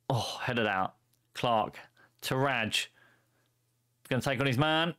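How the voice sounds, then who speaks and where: A man's voice: medium pitch, a little slow, pauses often. A young man commentating a football management game on stream in a playful way, chuckling often and cracking puns. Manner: chuckling, punning, excitable.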